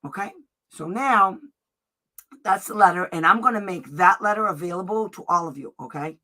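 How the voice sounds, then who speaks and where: A special education advocate with a fairly low, pushed and bright voice gives an informal teaching presentation at a moderate pace. She is emphatic and direct, reading letter passages aloud and checking in with "okay?"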